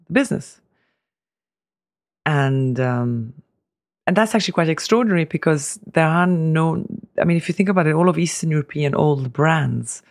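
A man's voice: fairly high pitch, creaky, no room sound, clean studio sound. A middle-aged man telling long family anecdotes with fillers and easy laughs in a casual interview. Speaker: guest, family business heir.

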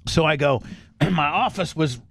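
A man hosting a podcast, telling a story in a loose, profane, animated way and acting out the quotes. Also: fairly high pitch, unhurried, breathy edge. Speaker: podcast host. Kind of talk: casual storytelling chat.

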